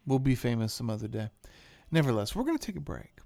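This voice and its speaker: A man's voice: medium pitch, sing-song, fast, gravelly, mellow. A man hosting a casual wine podcast, joking and rambling as he talks. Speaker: podcast host.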